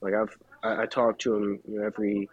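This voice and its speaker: A man's voice: on the low side, flat delivery, fast talker, husky, lo-fi sound. A man from the United States, a freelance journalist and podcast guest, speaking candidly and thinking aloud with restarts. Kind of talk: casual podcast conversation.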